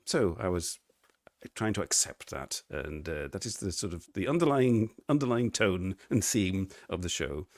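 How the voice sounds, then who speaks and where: A man's voice: deep voice, dry recording, clean studio sound. A middle-aged man chatting casually on his live stream from his living room, greeting viewers and laughing often.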